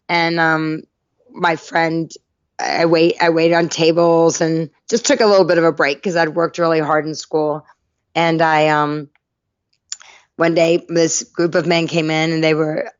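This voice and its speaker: A middle-aged woman from North Carolina, a podcast guest telling her life story in a lively way and acting out the people in it. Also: sits low, clear, resonant tone, no echo, dull audio. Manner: lively anecdotal storyteller, acts out quoted voices. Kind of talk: storytelling interview.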